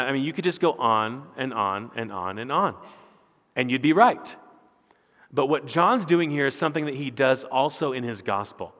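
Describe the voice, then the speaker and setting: A pastor preaching a sermon with earnest, emphatic delivery that rises and falls. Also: male voice, medium pitch, a bit bright, in a large hall.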